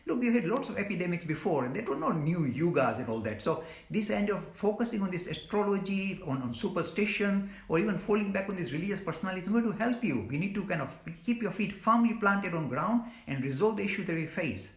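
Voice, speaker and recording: A man's voice: sits high, very animated, fast, reverberant. A man giving an earnest, impassioned talk and answering questions, emphatic and scolding, often repeating words. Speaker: guest speaker on a live stream.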